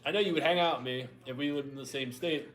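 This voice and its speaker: A man's voice: on the high side, fast, a bit bright. A man co-hosting a live stream, bantering casually and joking about himself. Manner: joking, self-deprecating.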